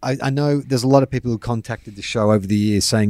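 A man's voice: medium pitch, fast, hardly any pauses, a little mellow, no room sound. A young Australian man co-hosting a casual sports podcast, self-mocking, laughing often and trailing off with fillers. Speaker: podcast co-host.

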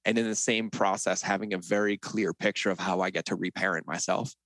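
A man's voice: deep voice, steady tone, brisk, a bit bright, dry recording. A middle-aged man as a podcast guest, telling personal stories in an earnest, reflective way. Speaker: interview guest. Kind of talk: conversational interview.

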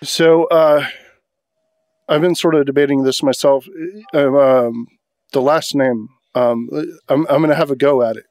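A man's voice: mid-range voice, steady tone, unhurried, a little mellow, dry recording. A man hosting a podcast interview, friendly and a bit hesitant, with many ums. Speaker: podcast host. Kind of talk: casual interview conversation.

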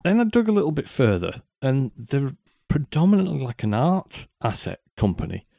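A man's voice: mid-range voice, big pitch swings, moderate pace, creaky, mellow, dry recording, clean studio sound. A man co-hosting a podcast, chatting casually with lots of ums and restarts. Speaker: podcast co-host. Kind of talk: casual chat.

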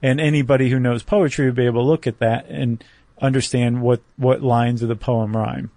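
A man's voice: medium pitch, steady tone, fairly quick, warm tone, dry recording. A man co-hosting a podcast, explaining things step by step in casual chat with small self-deprecating jokes. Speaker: podcast co-host.

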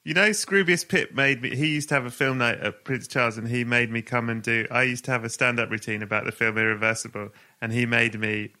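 A male podcast host in loose conversation, throwing out questions and playful jabs. His tone is bright and forward. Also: medium pitch, fairly even intonation. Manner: teasing, quick jokes. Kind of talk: casual podcast interview.

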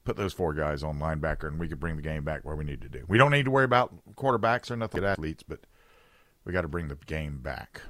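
A man's voice: rumbling low, quick pace, fairly bright tone, no room sound. A man hosting a talk radio show, rambling and sarcastic in an opinionated chat from a studio.

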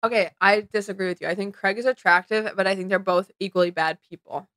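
A young woman co-hosting a casual chat podcast, telling an animated story full of "like" and quoted dialogue. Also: mid-range voice, no room sound, studio quality. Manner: animated, fast storytelling with lots of "like". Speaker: podcast co-host.

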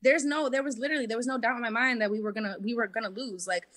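A woman guest on an interview, telling her story in an animated way and acting out what she and others said. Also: fairly high pitch, racing, dry recording. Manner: animated storyteller who acts out what people said. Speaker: reality show contestant guest. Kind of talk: casual interview chat.

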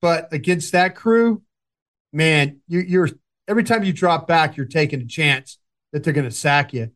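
A man co-hosting a casual football podcast, talking in a rambling, halting way with many restarts. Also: fairly high pitch, fairly bright tone. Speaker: podcast co-host, football analyst. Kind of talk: casual sports talk.

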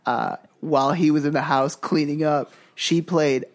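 A man co-hosting a casual podcast, telling stories in a joking, animated way. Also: on the high side, a little slow. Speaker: podcast co-host.

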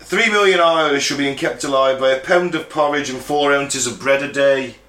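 A man co-hosting a casual chat podcast, laying out history in long, loose stretches and swearing without restraint. His voice has a bright, forceful edge, and the room leaves a clear echo around it. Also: mid-range voice, normal speed. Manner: explains history at length, swears freely. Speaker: podcast co-host. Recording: roomy echo.

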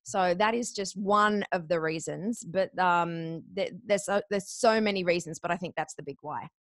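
A woman's voice: on the low side, no room sound. An Australian woman in her forties talks with bubbly, upbeat energy. She explains her work like the seasoned radio announcer she was. The recording is dry and close, with no room sound. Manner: energetic, quick and enthusiastic. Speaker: podcast guest booker. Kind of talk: interview answers.

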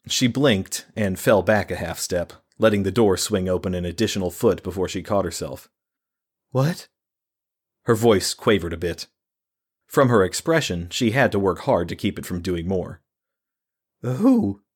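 Male narrator, deep low voice, steady scripted storytelling. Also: moderate pace, husky. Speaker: audiobook narrator.

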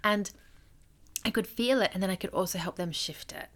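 A woman hosting her own coaching podcast, speaking earnestly and loosely, with lots of "like" and gentle encouraging advice. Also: medium pitch, normal speed. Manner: earnest, loose and conversational with frequent "like". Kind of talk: solo podcast talk.

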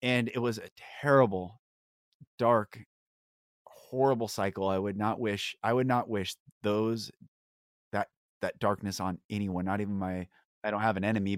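A man's voice: lowish voice, no echo, clean studio sound. A man hosting a podcast, talking in an earnest, emphatic way and pressing hard on key words. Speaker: podcast host. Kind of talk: candid podcast conversation.

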